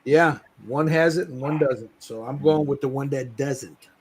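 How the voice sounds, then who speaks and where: A man hosting a model-painting session, explaining his steps in a relaxed, rambling way and swearing casually. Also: mid-range voice, a little slow, a little hiss or hum. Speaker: host painting a model bust. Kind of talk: casual chat while painting.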